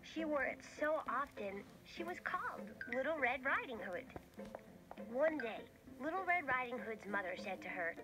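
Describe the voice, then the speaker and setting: A woman giving expressive, scripted storybook narration. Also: sits high, moderate pace, rough recording. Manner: expressive, lively. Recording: narration over music.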